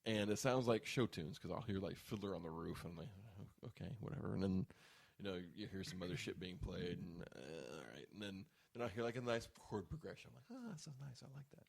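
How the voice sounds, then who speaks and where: A man's voice: sits low, fairly quick, vocal fry, no echo. A man co-hosting a comedy podcast, telling rambling, wry stories in casual chat. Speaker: podcast co-host.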